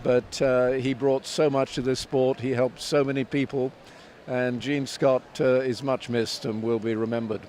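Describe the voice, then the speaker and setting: Older guy in his 70s, veteran commentator, mid pitch, measured, lots of ums. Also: little pitch movement, darkish tone, slight background noise. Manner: measured, anecdotal, with frequent ums and restarts. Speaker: tennis commentator and author, guest. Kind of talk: reflective interview answers.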